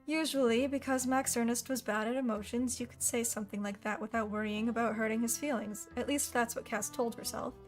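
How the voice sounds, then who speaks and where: Woman reading a kids novel out loud, steady storyteller, highish voice. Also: brisk, hardly any pauses, faint music behind. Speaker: audiobook narrator. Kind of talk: scripted narration.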